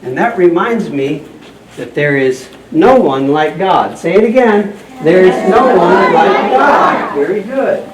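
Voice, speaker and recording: Acting as a friendly scribe teacher and farmer in a church children's skit, a man cheerfully leads the kids in call-and-response. His slightly high voice is animated and measured, picked up by a distant mic in an echoey church hall with a loud, noisy crowd.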